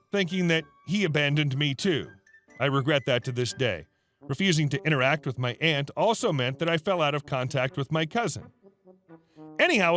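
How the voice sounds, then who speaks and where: A man reading stories aloud as a narrator, with expressive, animated delivery. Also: a little high. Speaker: story narrator. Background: faint background music.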